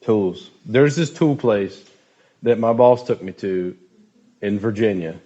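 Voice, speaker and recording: A man leading a casual youth group talk, loose and joking, with animated storytelling. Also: fairly low pitch, slow pace, muffled recording.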